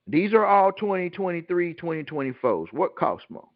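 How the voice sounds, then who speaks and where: Very animated and high-voiced, a man hosts and teaches a group call at a moderate pace. He's casual, blunt and colloquial, throwing rhetorical questions out and answering them himself, in lo-fi sound without echo.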